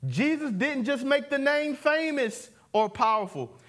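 A man's voice: very high-pitched, lively intonation, measured pace, a bit bright. A man preaching a sermon, calling for responses and repeating key words. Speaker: pastor. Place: church sanctuary.

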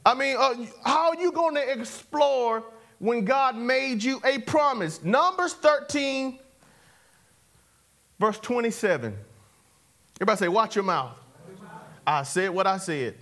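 A man preaches with a strikingly high voice, trading call and response with his listeners. He repeats his phrases, asks for an answer, and chuckles between points. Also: expressive, unhurried, vocal fry, long pauses, fairly bright tone. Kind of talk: sermon.

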